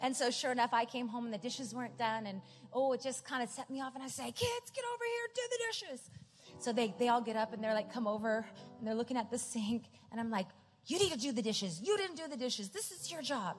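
Middle-aged woman pastor, high voice, conversational storytelling sermon in a reverberant hall. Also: quick pace. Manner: storytelling, chatty asides, rising to emphatic. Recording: large hall with reverb, faint music.

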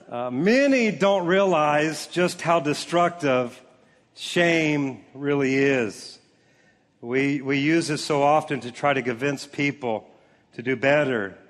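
A man preaching a sermon to a large church congregation, reading scripture slowly and joking with the crowd. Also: medium pitch. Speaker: pastor. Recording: long reverb of a large hall.

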